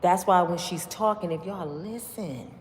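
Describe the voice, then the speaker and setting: A woman's voice: lowish voice, measured pace, big-room sound, a little hiss or hum. A woman giving opinionated commentary on celebrity news, emphatic and preachy, with constant rhetorical questions to her viewers. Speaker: commentary vlogger.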